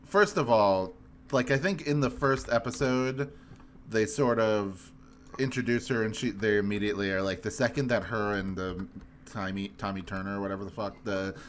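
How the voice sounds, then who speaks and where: A man's voice: on the low side, normal speed, a little hiss or hum. A man co-hosting a podcast in casual chat, rambling, swearing and laughing often. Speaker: podcast co-host.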